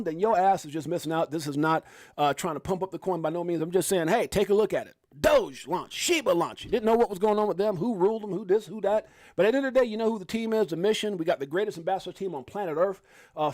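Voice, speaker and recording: Fast-talking excitable male livestream host. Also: on the high side, no echo, clean studio sound. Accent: Chicago. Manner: fast, excitable, shouting out viewers. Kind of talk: hyped casual livestream chat.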